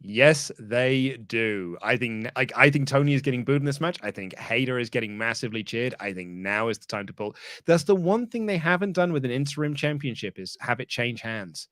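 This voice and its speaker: A man's voice: mid-range voice, expressive, brisk, few pauses, a bit bright, no echo, studio quality. A man guesting on a casual podcast, chatty and teasing, often restarting his sentences mid-thought. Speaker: guest pundit.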